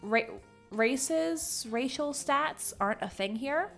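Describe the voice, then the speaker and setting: A woman from the Southern United States with a light Southern American accent, hosting a stream as game master in excitable, bubbly casual chat. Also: high voice, slow pace, creaky, faint music behind. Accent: light general Southern American. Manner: bubbly, excitable, laughs often.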